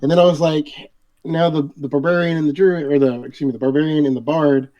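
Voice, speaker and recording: A man's voice: fairly high pitch, steady tone, fast talker, dark tone. A man who is a guest on a casual interview over a video call, talking in a hesitant way with many restarts. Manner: hesitant, full of fillers and restarts. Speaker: guest, game book author. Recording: dull lo-fi call audio.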